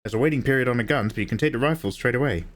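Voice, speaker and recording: On a livestream, a male artist draws while chatting and joking casually. His voice sits in the mid range, and he talks at a racing clip.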